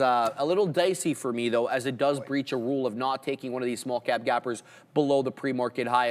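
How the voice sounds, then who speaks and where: A man calls out stock tickers and price levels on a live trading stream, talking fast and loose in a mid-range voice. His excitement climbs as the numbers tick up. The room carries a long reverb tail. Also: mid-range voice. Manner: excited, rapid ticker and price call-outs. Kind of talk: casual live market commentary.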